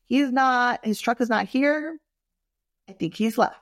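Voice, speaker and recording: A woman candidly telling personal stories in a frank, expressive way, full of fillers and asides. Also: fairly high pitch, unhurried, no room sound, studio quality.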